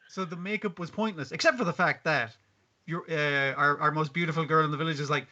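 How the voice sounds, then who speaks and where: Bright, jokey man, lo-fi sound. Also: fairly high pitch. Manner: quick jokey asides, swears. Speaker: podcast co-host. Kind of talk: casual chat. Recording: dull lo-fi sound.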